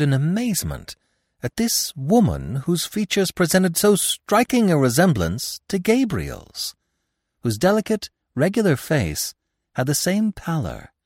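Husky-voiced man narrating a classic tale. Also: fairly high pitch, a little slow, no echo, clean studio sound. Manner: expressive storytelling. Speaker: audiobook narrator. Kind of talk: scripted narration.

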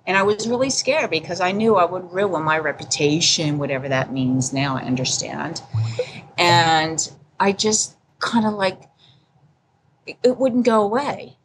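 A woman's voice: fairly low pitch, a little slow, background noise. A woman in her fifties, a podcast guest telling her story in a candid, casual way, often laughing and acting out what people said. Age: 50s. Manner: candid, laughing, acts out dialogue.

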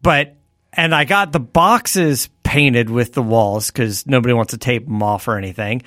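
A man's voice: medium pitch, moderate pace, fairly bright tone, no echo. A man co-hosts a casual podcast. He talks in a chatty way and laughs easily. His voice sits in the middle range, and the recording is dry and close. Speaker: podcast co-host. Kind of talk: casual chat.

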